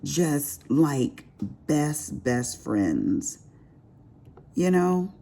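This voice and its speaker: A woman's voice: sits low, big pitch swings, drawn-out words, vocal fry, warm tone. A middle-aged woman, chatting casually and expressively to her viewers while she crafts, calling them honey. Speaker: diamond painting vlogger.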